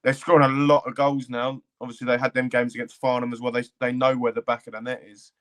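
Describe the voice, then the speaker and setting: A man with a mid-pitched, monotone voice co-hosts a casual football podcast. He rambles through his points, stumbling over repeated words and stopping to correct himself. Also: quick pace. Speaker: podcast co-host.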